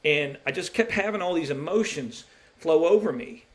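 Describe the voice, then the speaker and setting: A man's voice: on the high side, expressive, moderate pace. Earnest man telling a faith story. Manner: earnest, emotional storytelling with many restarts. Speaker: podcast guest, college basketball referee. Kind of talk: personal testimony in a podcast interview.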